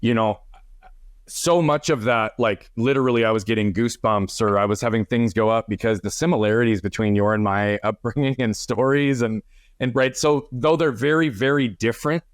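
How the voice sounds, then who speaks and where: A man's voice: mid-range voice, no echo, studio quality. A middle-aged man hosting a podcast, speaking in a reflective, affirming and earnest way. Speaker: podcast host. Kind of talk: conversational interview.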